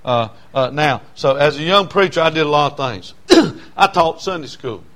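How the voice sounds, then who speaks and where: A male preacher delivers a storytelling sermon. His voice sits high for a man, and his folksy, repetitive delivery grows loud when he is stirred. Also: expressive, moderate pace.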